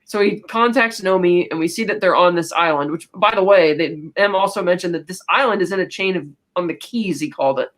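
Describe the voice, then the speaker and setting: Podcast co-host, casual recap, rambling delivery, quick quoted asides, mid-pitched voice. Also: fairly bright tone.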